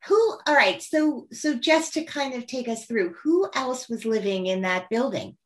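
A woman's voice: on the high side, lively intonation, normal speed. A woman interviewing an author, eager and enthusiastic, asking long winding questions. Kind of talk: conversational interview.

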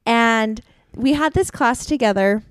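A bubbly, chatty young woman from Utah who co-hosts a podcast and laughs often. Her voice sits a little high and sounds close and dry, with no room around it. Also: unhurried, clean tone, dry recording. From Utah, USA. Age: 20s. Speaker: podcast co-host. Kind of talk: casual chat.

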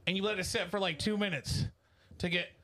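A high, bright man with a gravelly edge, chatting on a podcast. He jumps in eagerly, restarting sentences as he argues small points. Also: a little fast. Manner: excitable, interrupting, restarts. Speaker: podcast co-host. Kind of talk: casual banter.

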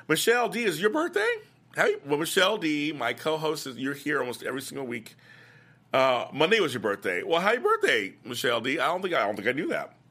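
Older male host, bright, forceful voice, chatty recap, acts out lines. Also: mid-range voice. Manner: chatty, animated, laughs often, acts out lines. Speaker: host of a soap opera after-show. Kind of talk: casual recap chat reading viewer comments.

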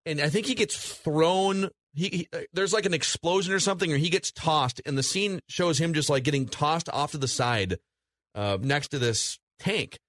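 A man hosts a relaxed film-review podcast, walking through scenes with loose, rambling energy. His voice sits a bit high for a man. The sound is dry and close, with no room around it. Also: normal speed, no room sound. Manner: animated storyteller, recounting scenes with hedging fillers. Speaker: podcast co-host. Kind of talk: casual movie review chat.

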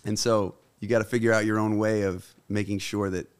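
A man's voice: on the low side, little pitch movement, fairly quick, clear, resonant tone. A man reciting an earnest spoken-word poem and then talking openly and heartfelt in a casual podcast chat. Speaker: guest musician.

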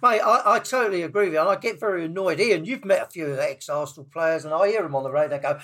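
A man with a husky voice, co-hosting a football podcast in indignant casual chat. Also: on the high side, fast talker, few pauses, fairly bright tone. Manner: indignant, emphatic.

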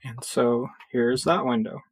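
A man giving a casual screen-recorded software tutorial, thinking aloud with fillers as he clicks through. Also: mid-range voice, measured pace, slightly rough, no room sound.

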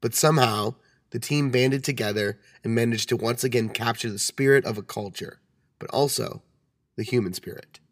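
A man co-hosting a film podcast, his voice a bit raspy and tired from a cold, rambling with lots of ums and restarts. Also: mid-range voice, moderate pace. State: recovering from a cold. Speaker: podcast co-host. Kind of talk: casual chat.

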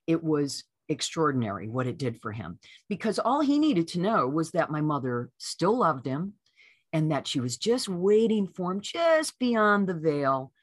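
A woman being interviewed as an author, telling a personal story in a lively way and acting out what people said. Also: low-pitched, unhurried, no room sound, studio quality. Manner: lively storyteller who acts out quoted voices. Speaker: author guest.

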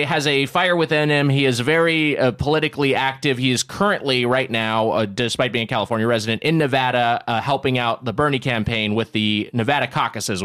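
A man's voice: mid-range voice, fairly bright tone, no room sound, clean studio sound. A man co-hosting a podcast in casual chat, talking loosely with frequent "uh" fillers. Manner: chatty, reads tweets aloud with filler "uh". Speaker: podcast co-host.

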